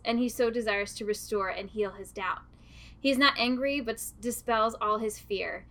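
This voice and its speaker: Gentle, earnest religious sister, higher voice. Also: female voice. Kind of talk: devotional reflection.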